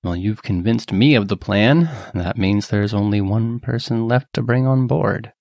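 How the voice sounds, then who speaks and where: A man narrating as game master, measured and wry. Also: fairly low pitch, vocal fry, a little mellow, dry recording, clean studio sound.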